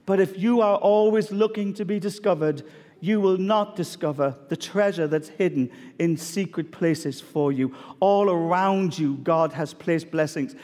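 A man's voice: sits high, a little slow, darkish tone, in a large hall. A middle-aged male pastor preaching a sermon, telling stories emphatically and challenging the congregation with rhetorical questions.

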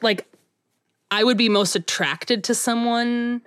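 A woman's voice: a little high, slow pace, fairly bright tone, no echo, clean studio sound. A young woman co-hosting a podcast in casual chat, giggly and swearing freely. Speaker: podcast co-host.

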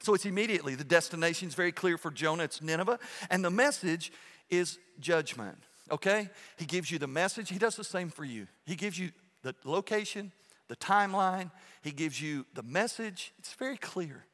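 With a high, expressive, slightly bright voice at a moderate pace, a male pastor gives a conversational sermon in a church sanctuary with big-room sound. He frequently restarts, repeats words, and checks in with "okay?".

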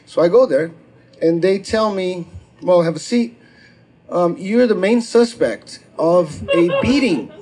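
High-voiced man telling a stand-up story. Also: takes it slowly, slightly rough. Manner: profane, animated, acts out quotes with shouts. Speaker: stand-up comedian. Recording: live crowd laughter. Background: audience laughter.

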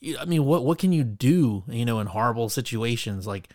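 A man's voice: medium pitch, animated, fairly quick, darkish tone, no echo. Rambling casual man, dry sound. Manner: rambling, laughing, full of fillers and swearing. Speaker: podcast co-host. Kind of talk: casual chat.

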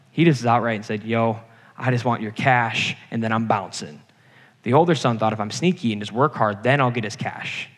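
A young man giving an earnest sermon to a campus group, telling stories from his own life. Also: mid-range voice. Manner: earnest, personal storytelling preacher. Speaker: campus ministry speaker. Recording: reverberant hall.

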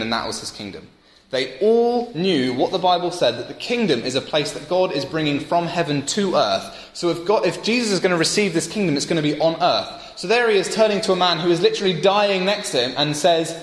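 A young man preaching a sermon, telling stories and building to emphatic points. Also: a little high. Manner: storytelling, animated, builds to emphatic peaks. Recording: roomy church hall with long reverb.

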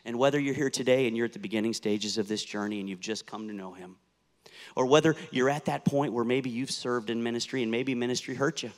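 A man's voice: mid-range voice, quick pace. A pastor in his fifties, born and raised in the United States, preaching an earnest sermon that rises to impassioned intensity. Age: 50s. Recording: long hall reverb.

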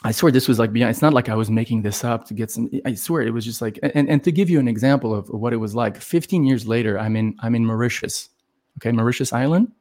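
A man from Los Angeles, a podcast guest telling a personal story in a lively conversational way, full of "like" and "you know" fillers and acted-out quotes. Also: mid-range voice, fast. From Los Angeles, USA. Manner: animated, acts out quoted voices, heavy "like" and "you know" fillers.

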